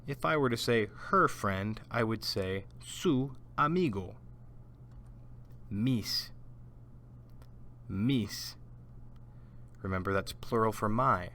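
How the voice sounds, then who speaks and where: A man's voice: lowish voice, lively intonation, moderate pace, hardly any pauses, pushed and bright, slight background noise. A man teaching Spanish vocabulary in a scripted lesson, patiently repeating each word for learners to echo. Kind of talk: slow scripted language lesson.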